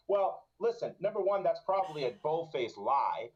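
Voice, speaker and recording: Man, high voice, indignant, emphatic rant, dull lo-fi sound. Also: expressive, moderate pace, a little mellow, slightly rough. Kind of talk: heated live-stream talk. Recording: dull lo-fi audio.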